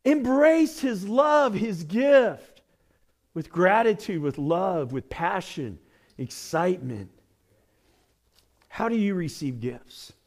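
A male pastor preaches slowly in a high voice, his lively delivery swinging between loud exclamations and quiet, hushed asides.

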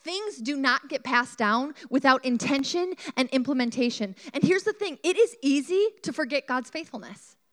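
A woman preaching a sermon, telling a personal story in an animated way and asking the congregation questions. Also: sits high, normal speed, hardly any pauses.

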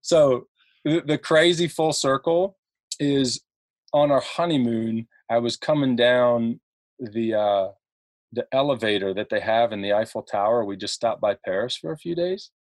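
A man's voice: mid-range voice, unhurried, no echo. A man from Ohio, a podcast guest telling stories in a chatty way, laughing often and restarting his sentences. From Ohio, United States. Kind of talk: casual storytelling.

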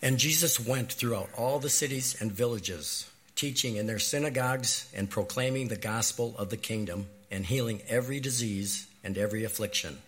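A man with a cold reading scripture aloud in a measured, grave manner. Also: medium pitch, fairly bright tone. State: sick.

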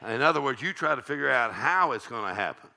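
An older man preaches with a heavily gravelly, rough voice and a sharp, tense edge. He works the congregation with folksy jokes and call-and-response questions. His pitch sits in the ordinary middle range for a man. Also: lively intonation, fast talker. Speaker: pastor. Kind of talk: evening church sermon.

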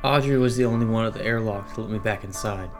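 A man's voice: fairly low pitch, quick pace. A man narrating a first-person horror story in a tense, dramatic way. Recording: narration over clear music. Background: music.

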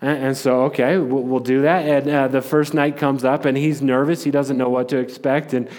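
A man's voice: medium pitch, level tone, moderate pace, a little mellow, big-room sound. A man preaching a sermon as a pastor, talking in a conversational way with frequent restarts and repeated words.

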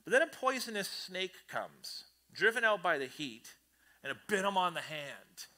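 High, sharp-toned male pastor preaching. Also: normal speed. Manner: animated, conversational, acts out quoted voices. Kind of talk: sermon. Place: church service before a congregation.

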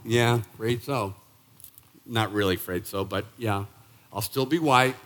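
A man in his sixties from Boston, preaching a sermon as pastor in an emphatic, punchy way that jumps up in pitch and volume. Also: a little slow, a bit bright. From Boston, Massachusetts. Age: 60s. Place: church sanctuary.

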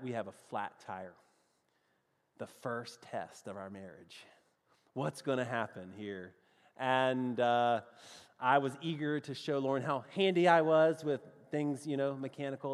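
A man with a Southern US accent preaching a sermon, telling a personal story in a lively, animated way and calling his listeners friends. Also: mid-range voice, smooth, big-room sound. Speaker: pastor.

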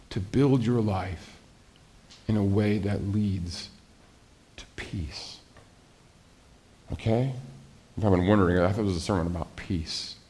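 A male pastor preaching a conversational sermon, lively and animated, asking the congregation rhetorical questions. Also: mid-range voice.

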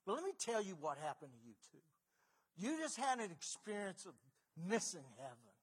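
Middle-aged male pastor, slightly high husky voice, preaches in a casual storytelling way with emphatic swells. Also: huge pitch swings, normal speed. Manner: conversational, storytelling, rising to emphatic bursts. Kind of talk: sermon.

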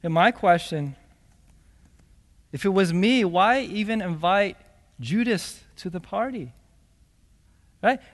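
A man's voice: high-pitched, animated, takes it slowly, pauses often. A man preaching a sermon as pastor, reading scripture and explaining it with emphatic, rhetorical "right?" asides. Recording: long hall reverb.

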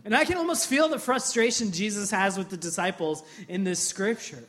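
A man in his thirties preaching a sermon in church, telling funny personal stories and then acting out scenes with loud, impassioned energy. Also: high-pitched, a little fast. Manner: humorous storytelling, builds to loud impassioned acting-out. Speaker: pastor.

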